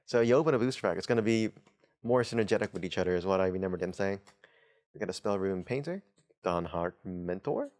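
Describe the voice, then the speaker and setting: A man talks through a card-pack opening in a relaxed, chatty way. He reads card text aloud and breaks off for wry asides. His voice sits a little low. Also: fast talker. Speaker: host of a tabletop channel. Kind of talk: casual unboxing commentary.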